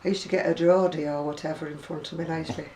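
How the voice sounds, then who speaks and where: This chatty Lancashire woman in her sixties speaks with a deep, mellow voice in a steady tone, rapid-fire. A home video blogger, she reads a word list aloud in a video reply, rambling with asides and self-corrections. Her Oldham-area accent is softened by years near Manchester, and the recording has slight background noise with her a bit distant from the mic.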